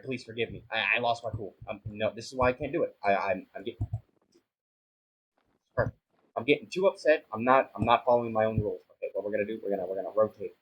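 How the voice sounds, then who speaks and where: A man's voice: lowish voice, husky, low-quality recording. A young man giving casual, self-mocking commentary on a sandbox building game, flustered and rambling as he fumbles along. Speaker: gaming YouTuber.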